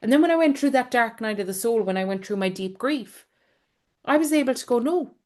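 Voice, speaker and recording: A woman's voice: fairly high pitch, expressive, fairly quick. A middle-aged woman gives an earnest, encouraging spiritual talk on a live group call and weaves in personal stories. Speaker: spiritual coach and healer.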